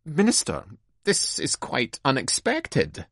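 A stern elderly headmistress, read aloud by an amateur reader speaks in a formal, dry manner. Her pitch leaps widely, and the sound is close and dry. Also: wildly swooping pitch, slow pace, fairly bright tone, no room sound, exaggerated voice. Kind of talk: amateur play-script reading.

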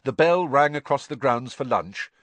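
A man reading an audiobook with expressive storytelling. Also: mid-range voice, normal speed, no echo. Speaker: narrator.

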